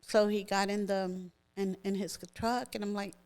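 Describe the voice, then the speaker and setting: A middle-aged woman speaks as a podcast guest, telling a personal story with feeling. She talks at an ordinary pitch for a woman and often slips into the voices of the people in her story. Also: little pitch movement, normal speed, darkish tone, clean tone. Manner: vivid, emotional retelling that acts out others' words.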